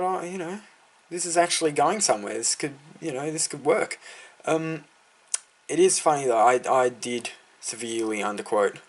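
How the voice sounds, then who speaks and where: A teenage boy with an Australian accent chatting casually about starting his lawn care business, rambling and full of fillers. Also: mid-range voice. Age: teens. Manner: rambling, filler-heavy, easily sidetracked. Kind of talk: casual storytelling vlog.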